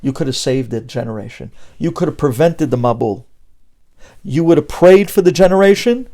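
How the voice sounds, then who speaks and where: A man's voice: a little high, lively intonation, moderate pace, dark tone. A man giving a Torah sermon as a rabbi, preaching emphatically with rhetorical questions and mixing Hebrew terms into English.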